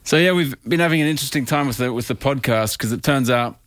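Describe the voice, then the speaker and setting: A man's voice: mid-range voice, fast talker, fairly bright tone, no echo. A man co-hosting a podcast in casual, sweary, rambling chat. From Australia. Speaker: podcast co-host.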